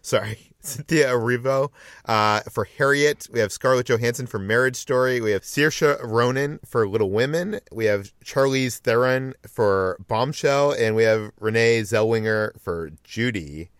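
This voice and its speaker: A man moderating a film podcast, brisk as he runs through lists and hands off questions. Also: medium pitch, fairly bright tone, clean tone, dry recording, clean studio sound. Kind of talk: casual chat.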